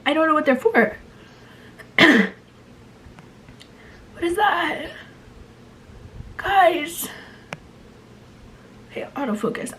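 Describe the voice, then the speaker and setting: A woman in her twenties with a high, slightly bright voice vlogs casually into a handheld compact camera, with slight background noise. Her throat is sore and her voice sounds off as she rambles, saying "like" a lot and restarting often.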